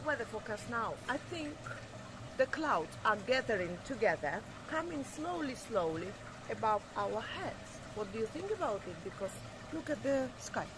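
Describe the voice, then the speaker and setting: A woman co-hosting a vlog in casual chat, speaking as a with halting phrasing. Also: a little high, very animated, noisy background. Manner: halting, non-native phrasing. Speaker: vlog co-host. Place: outdoors at a hotel.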